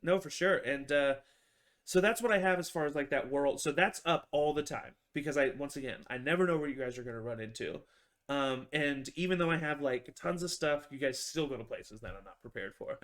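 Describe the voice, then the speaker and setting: A man's voice: a little high, a little fast, a bit bright. Guy on a video call rambling thru his game master notes, lots of ums and likes. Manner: rambling, many fillers and restarts. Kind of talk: casual video-call interview.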